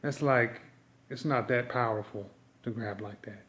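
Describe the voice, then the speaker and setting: A man's voice: medium pitch, a little slow, fairly bright tone, roomy sound. A man teaching yodeling in a rambling, improvised monologue, filling his talk with constant fillers. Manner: rambling, packed with "you know" fillers.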